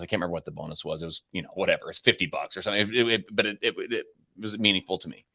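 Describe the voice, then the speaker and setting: A man in his forties, a podcast guest, telling a story in an energetic, conversational way with many restarts. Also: sits low, racing, vocal fry.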